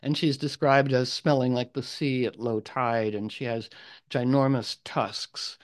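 Man, storyteller, casual and rambling, asides, mid pitch. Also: steady tone, measured pace. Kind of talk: oral storytelling.

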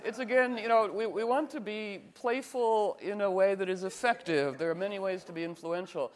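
A man's voice: high-pitched, a little fast, few pauses, a little hiss or hum. A man giving an informal spiritual talk as a teacher, telling playful stories and acting out the voices of people he quotes.

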